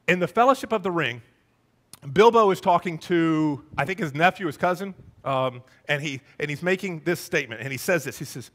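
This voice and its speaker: Man preaching a sermon, high voice, fervent and emphatic. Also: animated, fairly quick, a bit bright. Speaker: pastor.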